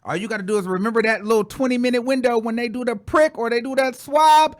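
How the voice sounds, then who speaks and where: A man hosting his own show, telling a story in a sassy, dramatic way and calling his listeners "girl", with sudden loud exclamations. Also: very high-pitched, fast. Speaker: show host. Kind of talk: casual storytelling chat.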